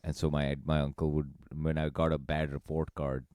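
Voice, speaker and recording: A man co-hosting a podcast in casual comedic chat, laughing often and swinging between low mutters and loud bursts. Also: little pitch movement, moderate pace, clear, resonant tone, no echo, studio quality. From Indian family background. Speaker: podcast co-host.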